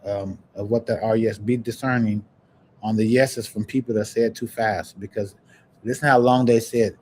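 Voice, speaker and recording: A man hosting a podcast, chatting casually and preaching encouragement in a warm, churchy way. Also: fairly low pitch, fairly even intonation, moderate pace, a little hiss or hum. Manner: warm, churchy, breaks into laughs and sing-song. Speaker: podcast host. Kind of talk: casual livestream chat, preachy sign-off.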